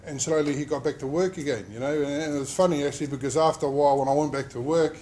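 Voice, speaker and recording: A man's voice: on the high side, fairly even intonation, racing, darkish tone, slight background noise. A man telling an emotional personal story in a workplace safety talk. He rambles and uses many fillers as he speaks. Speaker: injured worker sharing his story.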